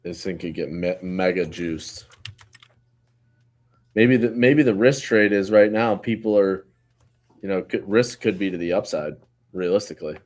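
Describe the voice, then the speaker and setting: A man co-hosting a live trading stream in relaxed casual chat, recounting his own trades. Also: low-pitched, a little slow, pauses often.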